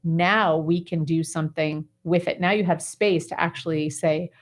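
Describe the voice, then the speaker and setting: A woman with a slightly low voice hosts a talk show and coaches a guest. She explains in an animated, conversational way, full of "like" and "right". She sounds casual and encouraging. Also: normal speed. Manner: animated, chatty explaining with many fillers. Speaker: host and life coach.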